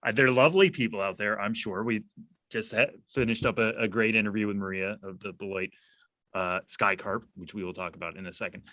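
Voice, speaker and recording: A man's voice: lowish voice, steady tone, brisk, bright, forceful tone, no echo. A man co-hosting a podcast in casual chat, playful and wry. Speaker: podcast co-host.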